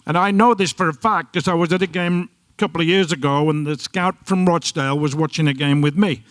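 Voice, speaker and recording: A man's voice: a little high, steady tone, a little fast, a bit bright, dry recording. A man speaking at a tribute night, telling anecdotes about former players and repeating words as he goes. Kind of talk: speech at a tribute event.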